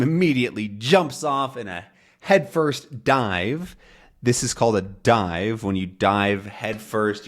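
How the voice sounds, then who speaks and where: A man teaching English by explaining a comic to learners, talking loosely with fillers. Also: medium pitch.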